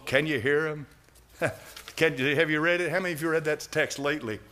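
Man, pastor, fiery sermon, higher voice, dramatic swings. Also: brisk. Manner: fiery preaching, swings from loud cries to low asides; chuckles and mocking asides.

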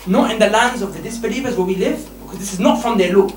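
A man preaching a lively sermon to young men, emphatic and animated, often laughing mid-sentence. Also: sits high, fast talker. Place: mosque hall. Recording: echoey hall, distant mic, faint hiss.

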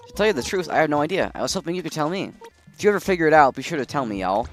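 A man's voice: a little high, expressive, rapid-fire, faint music behind, lightly acted. A man reading the lines of a chirpy, scatterbrained villager from a video game, in a perky, chatty tone.

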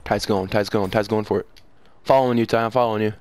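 A teenage boy commenting on his own gameplay for a video channel, excitable, laughing and yelling at the game. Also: lowish voice, quick pace, heavy background noise. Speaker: gaming YouTuber.

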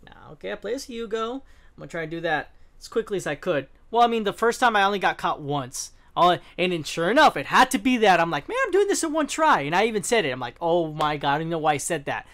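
A man's voice: sits high, expressive, quick pace, fairly bright tone. Rambling, swearing let's-play man. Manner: rambling, swears freely, trails off and restarts. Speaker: gaming channel host. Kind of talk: casual let's-play commentary.

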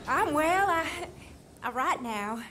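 A genteel, cheerful young woman in a video game, with a high, light voice and an unhurried, polite way of speaking. She pokes fun at herself with an easy charm. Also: animated, fairly bright tone, slight background noise, exaggerated voice. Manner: polite, bubbly, self-mocking.

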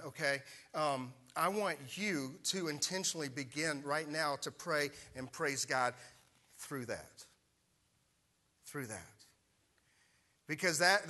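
A man's voice: fairly high pitch, pushed and bright. A middle-aged male pastor preaching a sermon, telling a personal story in a conversational way and asking the congregation questions.

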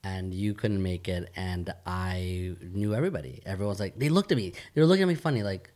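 A man's voice: low-pitched, quick pace, hardly any pauses, a little mellow. A man co-hosting a podcast, teasing his friend with easy laughter in casual chat. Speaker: podcast co-host.

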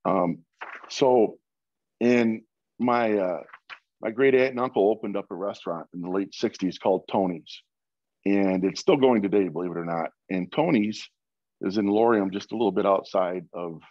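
A man's voice: deep voice, normal speed, pauses often, no echo, muffled recording. A man from Michigan giving an informal presentation over a video call, with many fillers and restarts. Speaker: guest speaker.

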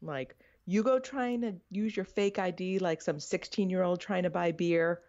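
A woman co-hosting a podcast, trading quick jokes in casual chat. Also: fairly low pitch, a little mellow, dull audio. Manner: jokey, quick quips. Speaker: podcast co-host.

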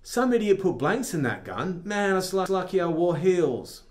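A man voicing a brash, tough female assassin recruit in a joke, high and strained. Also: lively intonation, normal speed, darkish tone. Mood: indignant.

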